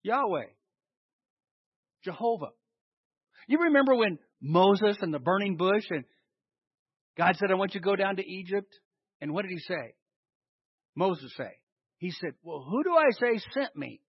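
A man's voice: high voice, measured pace, long pauses, breathy edge, dry recording. A man preaching a sermon, quizzing his listeners with questions and answering them himself. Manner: animated, asks the congregation questions and answers them. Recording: dull lo-fi recording.

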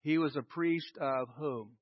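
Man, preacher, high voice, dry close sound, dull lo-fi recording, animated sermon. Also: measured pace, dry recording. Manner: animated, asks the congregation questions and answers them.

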